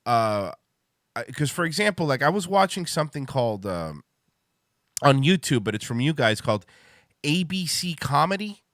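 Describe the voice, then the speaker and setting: A man's voice: on the high side, sing-song, moderate pace, fairly bright tone, no room sound, clean studio sound. A middle-aged man from Miami hosting a casual podcast, blunt and crude, rambling with restarts. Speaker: host.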